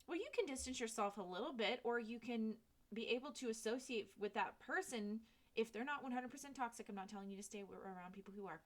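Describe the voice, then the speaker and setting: A woman's voice: a little high, fast talker. Chatty, candid woman tarot reader. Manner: chatty, candid, swears freely. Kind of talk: casual tarot reading monologue.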